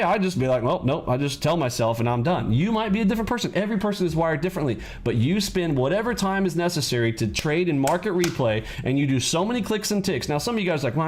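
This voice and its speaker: Emphatic, preachy male trading coach. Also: a little high. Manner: emphatic, preachy, repeats points with "okay?". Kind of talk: livestream trading lesson.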